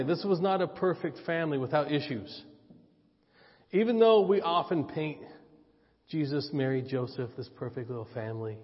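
A man preaching a sermon, telling a personal story, joking with the congregation and switching between loud emphasis and quiet asides. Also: a little high. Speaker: pastor. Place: church sanctuary. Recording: dull church audio with long reverb.

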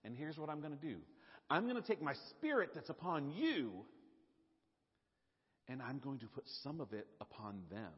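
A calm, commanding deity speaks in a low, measured way, as a preacher voices him. The voice is husky, with a long hall echo and a dull, lo-fi sound. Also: male voice.

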